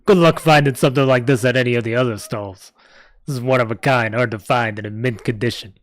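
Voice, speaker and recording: A man's voice: steady tone, no room sound, clean studio sound, lightly acted. A man voicing a male goblin merchant with a New York street-vendor accent, pushing his wares hard. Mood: salesy. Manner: fast-talking street-vendor pitch. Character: haggling goblin merchant, male, pushy salesman.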